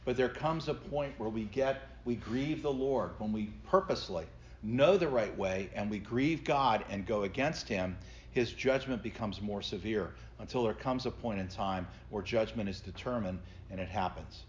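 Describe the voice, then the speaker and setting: A man's voice: lowish voice, moderate pace, a little hiss or hum. A middle-aged man, a pastor, teaching a Bible study class and explaining scripture earnestly to his group. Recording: slightly dull lo-fi recording.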